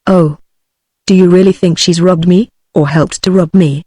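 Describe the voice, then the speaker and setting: A woman's voice: on the low side, moderate pace, husky, no room sound, studio quality. A text-to-speech voice of a woman with a British English accent reading the lines of an anxious female singer, with no change of voice. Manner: flat synthetic reading of dialogue.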